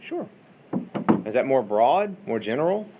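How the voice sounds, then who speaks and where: A man's voice: mid-range voice, sing-song, a little slow, background noise. Man teaching a Bible class. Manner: conversational, asks the class questions, many fillers. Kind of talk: classroom lecture with questions.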